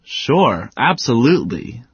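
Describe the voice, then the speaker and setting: A man's voice: medium pitch, big pitch swings, takes it slowly, breathy edge, dry recording. A man playing a student in a scripted educational dialogue, playful and mock-exasperated.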